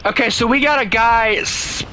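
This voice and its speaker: A man's voice: extremely high pitch, moderate pace, pushed and bright, slight background noise, rough recording. A man, chatting casually with teammates and chat while streaming a game, laughing often. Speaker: gaming streamer. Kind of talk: casual live gameplay chat.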